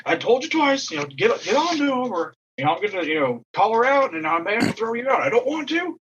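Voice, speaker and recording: Man doing a squeaky, fed-up umpire. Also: big pitch swings, fast, lo-fi sound, noisy background. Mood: exasperated scolding. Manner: high-pitched scolding impression. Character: exasperated male softball umpire, stern and fed up.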